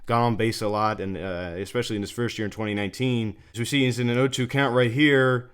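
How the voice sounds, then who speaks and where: A man hosting a fan sports channel, breaking down game replays in an exasperated, repetitive way, his pitch jumping up in disbelief. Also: fairly even intonation, quick pace, smooth.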